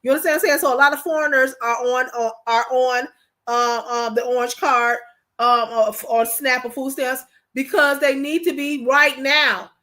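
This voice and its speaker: A woman's voice: sits high, little pitch movement, moderate pace, bright, forceful tone. A woman from Michigan, hosting a casual livestream, talking emphatically to viewers and repeating herself. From Michigan, USA. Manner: emotional, preachy. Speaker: livestream host.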